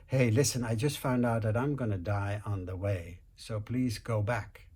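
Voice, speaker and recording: Quiet, resigned young husband in a spoken folk tale, voiced by a male storyteller. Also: on the low side, steady tone, normal speed, breathy edge.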